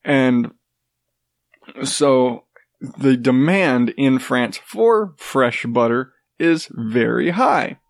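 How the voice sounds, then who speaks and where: A man's voice: medium pitch, very slow, creaky, dry recording, clean studio sound. A man with a congested, stuffy nose, rambling sarcastically in a casual, profane chat. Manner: rambling, sarcastic, swears freely.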